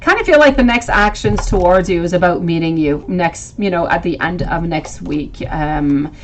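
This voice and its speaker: A woman's voice: fairly low pitch, moderate pace, a little hiss or hum. A woman hosting a live tarot reading stream, talking to viewers and calling them sweetie as she reads the cards. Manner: affectionate, calls viewers sweetie, thinks aloud. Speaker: tarot reader, livestream host.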